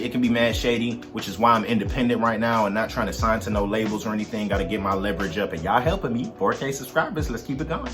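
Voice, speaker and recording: Give me a relaxed, chatty man answering fan questions over background music. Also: medium pitch. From Detroit, Michigan, USA. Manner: laid-back, slangy, chatty with viewers. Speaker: musician and content creator. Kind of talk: casual Q&A vlog.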